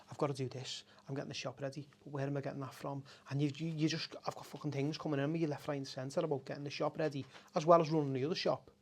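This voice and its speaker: A man's voice: mid-range voice, a little hiss or hum. A middle-aged man, a café owner speaking candidly as a podcast guest, raw and emotional, swearing often and breaking off to restart his sentences. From Liverpool, England. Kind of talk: candid conversational storytelling.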